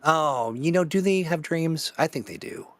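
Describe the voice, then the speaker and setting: A man's voice: a little high, expressive, moderate pace, a bit bright, no echo. A man hosting a casual online chat, joking around, rambling through playful tangents and laughing often. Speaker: host.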